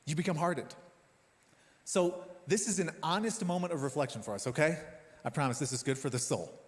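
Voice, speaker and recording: A male pastor in his thirties delivers a sermon with a somewhat high voice. He tells stories in an animated, self-deprecating way. His voice rings out with a long reverb, as in a church auditorium. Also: brisk. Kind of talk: sermon with personal story.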